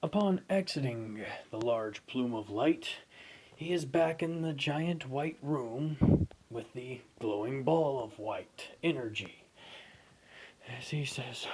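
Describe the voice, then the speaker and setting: A man's voice: mid-range voice, slow pace, background noise. A man casually telling an improvised adventure story and correcting himself as he goes. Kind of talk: improvised fan-fiction storytelling.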